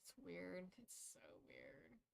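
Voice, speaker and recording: A woman's voice: lowish voice, wildly swooping pitch, takes it slowly, vocal fry, no room sound. A tired woman streamer chatting casually late at night, rambling loosely and swearing now and then.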